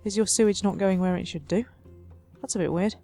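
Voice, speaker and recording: A woman's voice: medium pitch, a little fast, warm tone, soft background music. A woman hosting a city-building let's play, chatting wryly and talking to her simulated residents as she builds. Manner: chatty, wry, talks to her sims. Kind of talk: casual game commentary.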